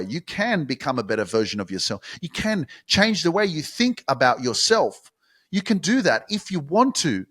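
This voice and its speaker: A man's voice: medium pitch, fairly bright tone. A young man from Australia hosting a motivational podcast, talking bluntly and swearing freely.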